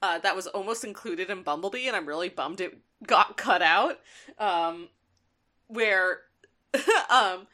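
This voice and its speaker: A woman with a bright, sharp voice co-hosting a casual podcast. She talks like an eager fan, full of "um" and "like.". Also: medium pitch, expressive, unhurried. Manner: enthusiastic, filler-heavy fan talk. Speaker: podcast co-host. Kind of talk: casual chat.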